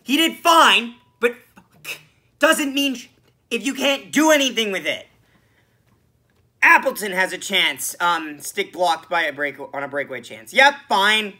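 A man hosting a solo hockey podcast, ranting about a loss with sarcasm and swearing, a bit hoarse from screaming. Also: high-pitched, a little slow. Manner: animated, swearing, frustrated, sarcastic. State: losing his voice from screaming. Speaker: podcast host. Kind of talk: solo sports reaction rant.

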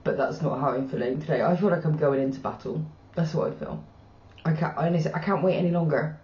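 A woman hosting a reaction video, giving live commentary full of swearing and emotion, moving from hushed murmurs to excited shrieks. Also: low voice, quick pace. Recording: dull, roomy home recording.

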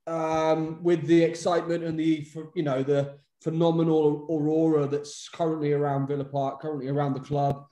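A man's voice: a little high, little pitch movement, moderate pace, few pauses, mellow. Hesitant man in a roomy echo. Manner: hesitant, repeats words, often starts with "I think". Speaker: podcast host. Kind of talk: casual chat.

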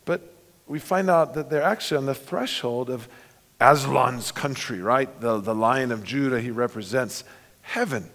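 A man's voice: mid-range voice, moderate pace, fairly bright tone. A man preaching a sermon as pastor, earnest and storytelling, building emphatic lists. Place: church sanctuary. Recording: long reverb of a church hall.

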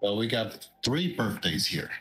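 A man talking casually with other players over voice chat, relaxed and matter-of-fact. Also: lowish voice, a little slow, slightly rough, faint music behind. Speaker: fellow streamer on voice chat. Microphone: voice chat over the stream.

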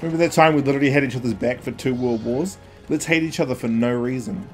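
A man chatting with friends while playing an online shooter. He shouts and swears when things go wrong. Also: mid-range voice, fast, soft background music. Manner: excitable, swears loudly, shouts when killed. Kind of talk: casual gaming chat.

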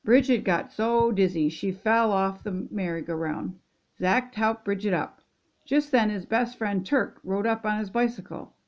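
An older woman, a grandmother reading a children's picture book aloud in gentle, steady storytelling. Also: medium pitch, unhurried, lo-fi sound. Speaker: storybook reader.

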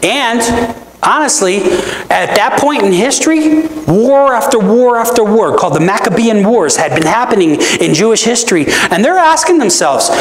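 Lively, echoey preacher in a church. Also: mid-range voice, moderate pace, few pauses, a little hiss or hum. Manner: conversational preaching, asks the audience "right?" often; emphatic, with rhetorical questions. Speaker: pastor. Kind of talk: sermon. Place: church sanctuary. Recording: roomy church echo.

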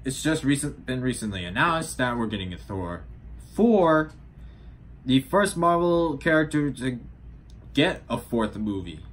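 Brief: teenage male vlogger, mid-range voice, rambles and restarts, light room noise. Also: mid-range voice. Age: teens. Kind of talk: casual vlog commentary.

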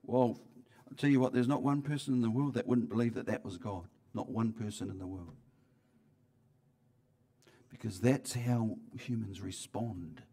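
A man's voice: fairly low pitch, moderate pace, mellow. Conversational man preaching a church sermon. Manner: conversational preaching with restarts, rising and falling emphasis. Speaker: pastor.

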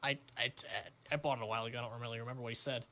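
A young man hosting his own channel, chatting casually in a crude, excitable way, swearing often. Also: medium pitch, very fast. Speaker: channel host. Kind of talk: casual vlog chat.

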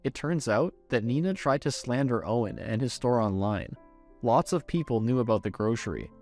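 A man's voice: mid-range voice, normal speed, soft background music. A man reading a romance story aloud as first-person scripted narration. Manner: expressive storytelling.

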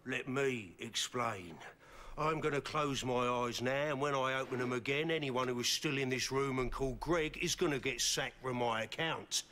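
A man's voice: medium pitch, normal speed, sharp tone, natural voice. An actor playing a volatile male advertising client in a sitcom who rants indignantly and makes threats. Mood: menacing. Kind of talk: sitcom acting.

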